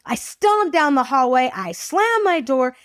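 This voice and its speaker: A woman hosting a faith podcast, telling a personal story in a lively, expressive, casual way. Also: sits high, a little slow, no room sound, clean studio sound. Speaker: podcast host. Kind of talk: faith-based storytelling talk.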